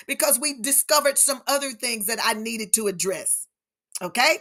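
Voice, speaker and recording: A middle-aged woman, hosting a casual live stream on grief and talking warmly and animatedly to her viewers as "y'all". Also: a little high, lively intonation, moderate pace.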